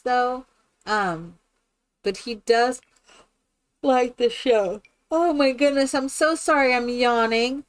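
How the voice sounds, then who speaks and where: A woman streaming a game live, chatting casually with viewers in a rambling, exclamatory way. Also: fairly high pitch. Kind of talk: casual live-stream chat while playing.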